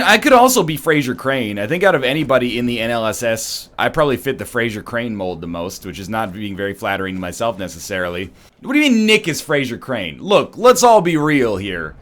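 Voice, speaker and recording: Canadian guy, playful gaming commentary, lively pitch swings. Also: normal speed. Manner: rambling, jokey, sarcastic. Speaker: let's play streamer.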